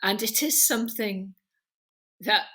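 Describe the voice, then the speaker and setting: A woman hosting a podcast interview, talking in an animated, emphatic way and piling up descriptions. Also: mid-range voice, unhurried, slightly rough. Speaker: podcast host. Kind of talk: conversational interview.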